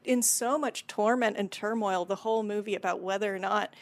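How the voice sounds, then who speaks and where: A woman's voice: mid-range voice, fairly quick. A woman co-hosting a film podcast, chatting casually and laughing often, with self-deprecating asides. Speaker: podcast co-host. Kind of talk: casual film review chat.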